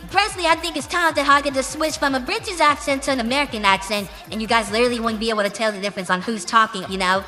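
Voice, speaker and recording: Brash high bright-voiced woman musician. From United Kingdom. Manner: brash and profane, drawn-out emphatic phrases. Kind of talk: casual interview answers. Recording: reverberant room with music behind.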